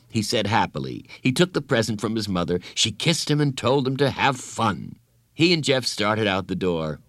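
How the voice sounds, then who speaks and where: Lively, fairly low-voiced male narrator. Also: measured pace, no echo, clean studio sound. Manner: expressive storytelling. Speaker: audiobook narrator. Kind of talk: scripted narration.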